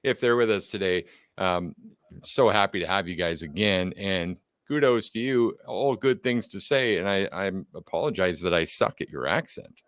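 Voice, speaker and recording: A man's voice: deep voice, normal speed, a bit bright, dry recording, studio quality. A man co-hosting a podcast in casual chat, upbeat and joking, a little self-deprecating. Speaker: podcast co-host.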